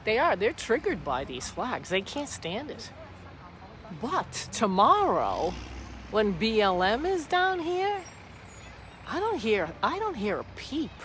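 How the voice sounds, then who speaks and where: Woman rambling live outdoors, lively pitch. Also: slow pace, rough recording. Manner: rambling, repetitive, emphatic storytelling. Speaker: livestreamer at a street protest. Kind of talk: casual live stream. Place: outdoors by a street. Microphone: phone camera held by the speaker. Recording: outdoor phone video with traffic and wind noise.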